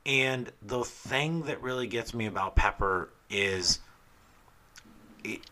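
A young adult man co-hosting a casual podcast, talking in an animated way and swearing freely. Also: medium pitch, takes it slowly. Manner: animated, swears freely, loud bursts when quoting scenes. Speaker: podcast co-host.

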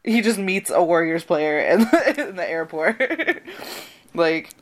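A woman's voice: on the low side, lively intonation, takes it slowly. A woman co-hosting a casual podcast chat, telling stories with frequent laughs and lots of "like". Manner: chatty storyteller, laughs often, fillers like "like". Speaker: podcast co-host.

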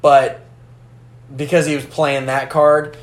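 A man in casual film discussion, animated, acting out movie lines as he retells scenes. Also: on the high side, slow pace, echoey room. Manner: animated, acts out movie lines in character voices.

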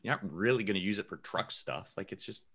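Podcast guy, kinda low voice but bright and forceful, rambles, says like a lot, laughs a bunch. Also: expressive, brisk. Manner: rambling, many "like" fillers, laughs often. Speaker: podcast co-host. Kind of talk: casual chat.

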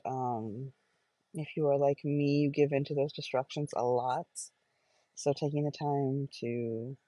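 A woman's voice: sits low, mellow, no echo, poor audio. Chatty woman rambling in a car. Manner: rambling, chatty, many fillers and self-corrections. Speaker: podcast host. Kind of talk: casual stream-of-consciousness audio journal. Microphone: phone voice recorder.

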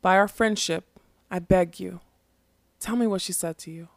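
A woman reading as a hoarse, haunted young king. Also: on the low side, moderate pace, dry recording. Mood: grim, haunted. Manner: hoarse, urgent pleading. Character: haunted young male king, grim and pleading.

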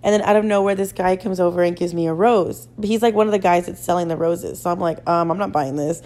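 A woman's voice: lowish voice, fairly even intonation, quick pace, dark tone. A young woman hosting a podcast who tells a story in a chatty, casual way, swearing freely and using lots of "like" fillers. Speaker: podcast host.

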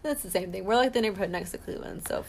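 A woman's voice: medium pitch, racing, creaky. A woman in her twenties from Ohio, co-hosting a podcast in casual chat, joking and giggling often. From Toledo, Ohio, US. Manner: joking and giggly, slips into playful put-on voices. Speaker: podcast co-host.

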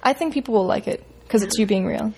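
A woman's voice: mid-range voice, fast talker, vocal fry, dark tone, slightly rough. A woman guest co-hosting a podcast, chatting casually with playful, giggly asides. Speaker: guest co-host. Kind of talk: casual chat.

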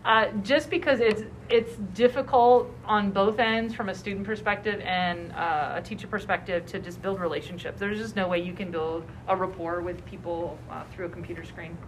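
A woman's voice: mid-range voice, fairly even intonation, normal speed, hardly any pauses, slight background noise, rough recording. A woman talking in a podcast interview in a reflective, somewhat hesitant way.

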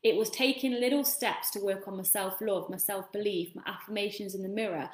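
A woman's voice: mid-range voice, fairly even intonation, brisk. Chatty woman coach, echoey room. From England. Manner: chatty, rambling, swears freely. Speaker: self-love coach. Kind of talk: casual motivational talk.

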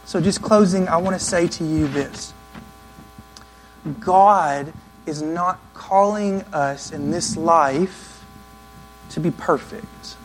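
A man preaching a sermon in an earnest, conversational way, now and then acting out quick asides. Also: fairly high pitch, low-quality recording. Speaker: pastor.

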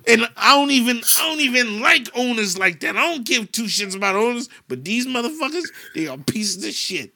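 A man's voice: very high voice, a little fast, hardly any pauses. A man from the United States, ranting in a casual chat on a podcast and cursing a lot. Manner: animated ranting, heavy cursing.

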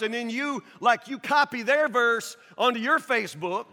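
A man preaching a sermon as pastor, earnest, with stammering restarts, swinging from loud to hushed. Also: very high-pitched, moderate pace, big-room sound.

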